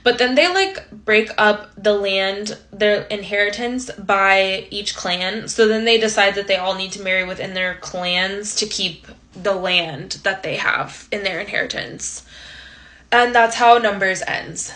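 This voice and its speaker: Chatty young woman, bright voice. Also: mid-range voice, measured pace. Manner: chatty, slangy, ironic, many likes. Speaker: host. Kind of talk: casual Bible recap.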